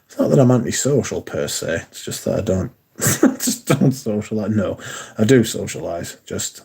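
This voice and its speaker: Husky-voiced man chatting on stream. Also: on the low side, lively intonation, moderate pace, mellow. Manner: chatty, swears casually. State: lost his voice, sore throat. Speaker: livestream host. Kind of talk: casual chat to viewers.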